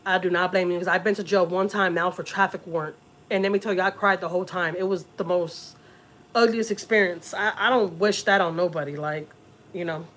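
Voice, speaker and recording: Emotional mom telling a story. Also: female voice, lowish voice, fairly even intonation, fairly quick, fairly bright tone. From Texas. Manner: emotional, repeats words, talks straight to viewers. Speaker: family vlogger. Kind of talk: casual storytelling to viewers.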